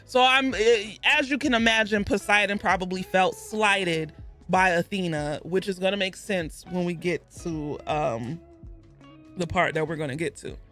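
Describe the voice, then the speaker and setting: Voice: medium pitch, normal speed, sharp tone, soft background music. A video host giving a rambling, casual recap of a book, with asides and self-corrections.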